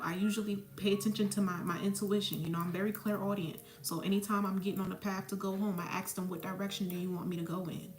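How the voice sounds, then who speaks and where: A woman spiritual mentor giving a blunt, profane, preachy motivational talk. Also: mid-range voice. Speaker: spiritual mentor and psychic medium. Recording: echoey room, faint music behind.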